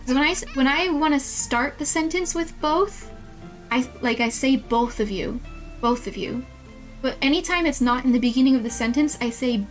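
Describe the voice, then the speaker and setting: A young woman with a high voice chats with her viewers while she plays a game, giggly and easily flustered. She talks at an unhurried pace, and soft game music plays in the background. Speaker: streamer. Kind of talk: casual live-stream chat with viewers.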